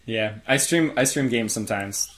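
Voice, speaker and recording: A man's voice: on the low side, normal speed, fairly bright tone. A man hosting a casual podcast, speaking in short remarks and moving things along. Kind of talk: casual chat.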